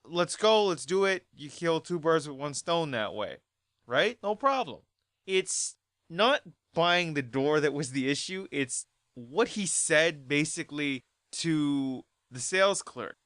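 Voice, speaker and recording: A vlogger telling a story as an exasperated rant, repeating points and bursting into loud outbursts. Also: medium pitch, animated, takes it slowly, no echo, clean studio sound.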